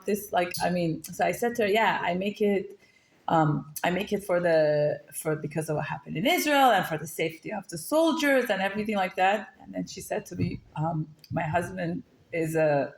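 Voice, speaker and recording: A woman's voice: mid-range voice, normal speed. Woman giving a chatty torah class, lots of likes and restarts, roomy echo. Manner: chatty and animated, many fillers and restarts. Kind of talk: casual spoken Torah lesson with personal stories.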